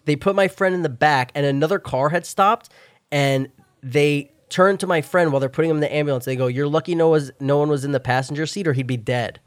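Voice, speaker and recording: A young man in casual chat, telling a long story full of swearing and filler words and shouting out the lines he once said. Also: fairly high pitch, brisk, no echo. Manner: profane, rambling storytelling with loud acted-out shouts.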